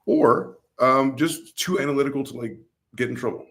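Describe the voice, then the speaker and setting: Man, podcast co-host, joking, loose and profane, thinks aloud, middle-pitched voice. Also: normal speed. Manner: joking, swears casually, thinks out loud. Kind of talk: casual podcast chat.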